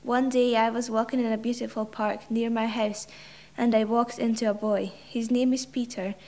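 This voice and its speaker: A woman's voice: fairly high pitch, flat delivery, normal speed, mellow. A woman reading a short story aloud, hesitant, with ums and repeated words. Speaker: story reader.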